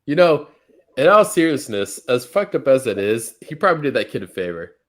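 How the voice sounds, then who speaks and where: A man's voice: medium pitch, very animated, fairly quick. A man co-hosting a podcast, telling stories in laughing, profane casual chat. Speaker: podcast co-host.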